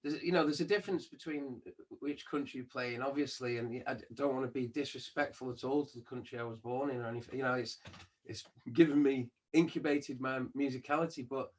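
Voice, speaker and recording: A musician speaking in casual interview chat, thoughtful and a little hesitant. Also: male voice, medium pitch, steady tone, brisk.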